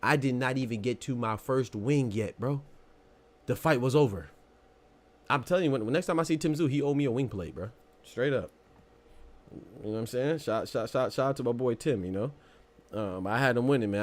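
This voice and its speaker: A man's voice: mid-range voice, fairly quick. A man hosting a boxing podcast live stream, talking casually and animatedly, laughing often and calling everyone "bro".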